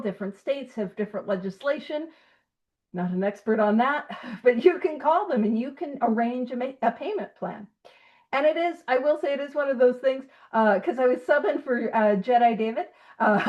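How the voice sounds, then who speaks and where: A woman from Canada with a high voice leads a recovery group study in a loose, chatty way. She is self-deprecating and keeps breaking into laughter between thoughts. The sound is dull and lo-fi. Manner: self-deprecating, laughs often while talking. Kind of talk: casual talk to a recovery group.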